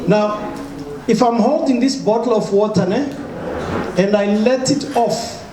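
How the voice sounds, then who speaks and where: This motivational speaker has a high-sitting voice and takes an unhurried approach, pressing his points emphatically and frequently quizzing his live audience. He's in a big hall, and the sound is echoey and noisy.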